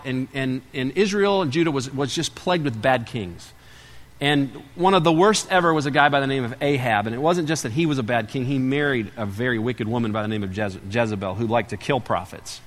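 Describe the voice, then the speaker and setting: Man preaching an animated sermon. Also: on the high side, in a large hall. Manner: animated storytelling, swings from loud to hushed. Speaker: pastor.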